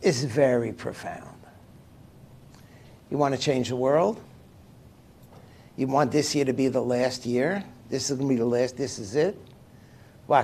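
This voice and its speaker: A man, a rabbi, giving a livestreamed lesson, reading passages aloud and explaining them in an animated, emphatic way. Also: mid-range voice, a little hiss or hum. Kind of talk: livestreamed lecture on liturgy.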